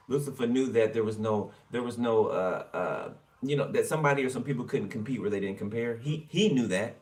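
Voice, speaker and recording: A man's voice: mid-range voice, recorded from a distance, slight background noise. A man giving a casual tarot reading for viewers, chatty and blunt, swearing freely as he turns the cards. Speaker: tarot reader.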